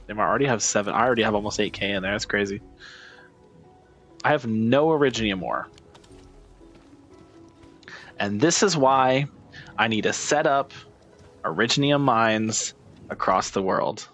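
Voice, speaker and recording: Faint music plays behind this gaming streamer, whose lowish, fairly bright voice moves at a moderate pace. He comments on his gameplay casually, muttering with frustration, cursing, and running himself down as an idiot.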